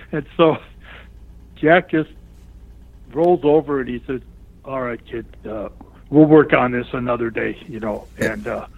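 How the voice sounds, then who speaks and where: An older man recounts a wrestling story at an easy middle pitch, popping up into higher voices whenever he quotes someone. The sound is thin and narrow, like a phone line. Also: measured pace, gravelly, no room sound. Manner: animated storyteller who acts out other people's lines in raised voices. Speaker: guest, retired pro wrestler. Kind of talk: anecdotal storytelling interview.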